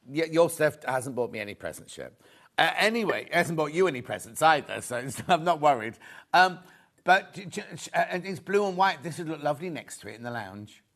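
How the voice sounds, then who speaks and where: A man's voice: fairly high pitch, very animated, a little fast, a bit bright. A man hosting a live shopping show, chatting casually, joking with the crew and reading out viewer messages. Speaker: shopping channel host.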